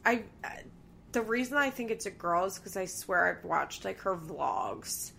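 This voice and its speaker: A woman's voice: mid-range voice, normal speed, gravelly, a crowd in the background. Chatty young woman, casual podcast talk. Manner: chatty, animated, lots of "like". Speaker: podcast host. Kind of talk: casual chat.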